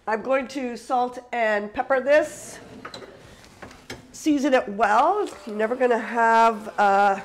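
A woman from Canada hosts a casual live cooking stream. She talks to her viewers in a chatty way and laughs often as she cooks. Her voice sits a little high. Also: slight background noise, poor audio. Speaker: cooking show host.

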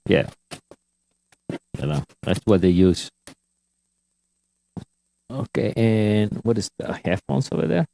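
A man casually reviewing a DJ mixer, talking in a laid-back, halting way with lots of fillers. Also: lowish voice, very animated, gravelly, dark tone, slight background noise, poor audio. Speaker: product review host. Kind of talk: casual hands-on product review.

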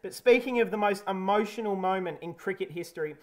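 A man's voice: high-pitched, fairly quick. Candid jokey man reviewing cricket. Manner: candid and jokey, with blunt swearing. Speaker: cricket video host. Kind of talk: casual match review.

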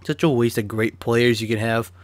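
Young dude rambling over a football game, swears a lot, dry close mic. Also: male voice, mid-range voice, fairly even intonation, moderate pace, no echo. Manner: chatty, swears freely, flares up in sudden rants. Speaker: gaming YouTuber. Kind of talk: casual gameplay commentary.

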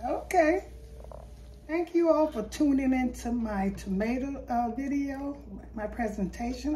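A woman's voice: fairly high pitch, mellow, slight background noise. A woman hosting a home cooking video, chatting casually and rambling as she corrects herself mid-sentence. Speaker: home cooking channel host. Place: home kitchen.

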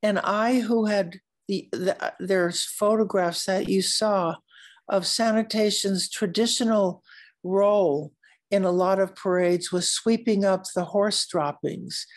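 Slow-speaking older woman, halting and searching. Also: medium pitch, fairly even intonation. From United States. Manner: slow, searching, with frequent restarts. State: coughing at times. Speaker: artist speaking at a symposium. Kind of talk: unscripted conversation.

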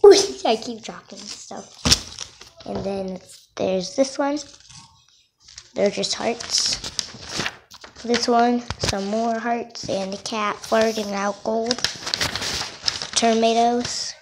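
A woman casually showing off her drawings, halting and self-conscious, often apologizing. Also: on the high side, steady tone. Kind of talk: casual show-and-tell. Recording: noisy home recording.

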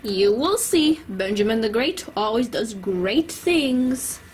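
A woman's voice: fairly high pitch, expressive, slow pace, slight background noise. A woman voicing a toddler boy who loves math and shows off, in a toy-doll play video. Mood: boastful. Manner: show-off exclamations.

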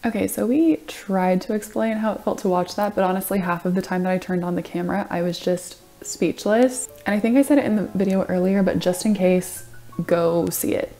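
A woman's voice: mid-range voice, fairly quick, mellow, soft background music. A young American woman vlogger speaking to camera, earnestly recommending something to her viewers. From United States. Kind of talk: talking to camera.

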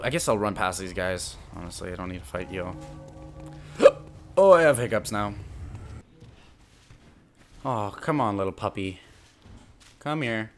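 A young man commentating his own gameplay, excitable and frustrated, swearing and talking back to enemies on screen. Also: deep voice. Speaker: gaming channel host.

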